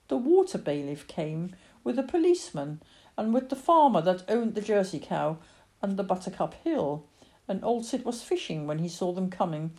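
A woman reading a story aloud as narrator, with expressive storytelling. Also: mid-range voice. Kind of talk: audiobook reading.

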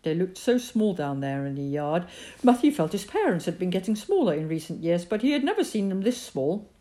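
A woman narrating a children's story in a calm, measured reading voice. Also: on the low side.

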